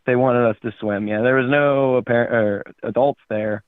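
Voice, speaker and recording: Laid-back guy calling in to a show, jokey, medium pitch, tinny phone audio. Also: normal speed, clean tone, no room sound. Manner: jokey and relaxed. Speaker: caller. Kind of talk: casual chat.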